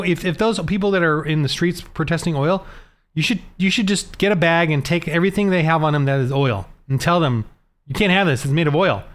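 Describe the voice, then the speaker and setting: Male channel host ranting alone to camera indoors; indignant, repetitive, punchy emphasis, voice a bit high. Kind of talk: solo rant to camera.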